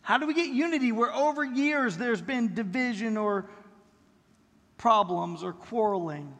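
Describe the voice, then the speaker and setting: A middle-aged pastor preaches at an even, measured pace in an extremely high, slightly bright voice. His sermon feels conversational and leans on rhetorical questions, and the large sanctuary gives the recording a long reverb.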